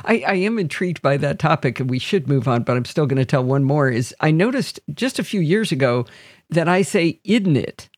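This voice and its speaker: A man's voice: a little high, expressive, a little fast, no echo, clean studio sound. A man chatting casually on a podcast, playful and telling anecdotes. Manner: playful, storytelling. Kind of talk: casual chat.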